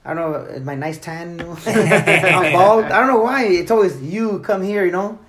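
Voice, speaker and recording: A man's voice: sits high, normal speed, a loud crowd. A man in casual chat, laid-back and self-deprecating, giving advice. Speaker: friend in group chat.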